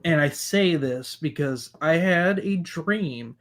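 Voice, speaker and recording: Slow, earnest man on a podcast. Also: fairly high pitch, expressive, fairly bright tone. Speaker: podcast host. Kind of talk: casual podcast chat.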